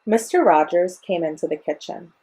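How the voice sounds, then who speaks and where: A young woman in her early twenties reads a children's picture book aloud, telling the story in a clear, expressive way. Her voice is low and husky, and her pitch moves a lot. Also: moderate pace.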